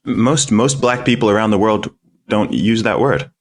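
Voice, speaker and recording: Blunt British man with a very deep voice. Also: moderate pace. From United Kingdom. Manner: blunt, emphatic, repeats words when stressing a point. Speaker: guest, independent rapper. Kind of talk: podcast interview answer.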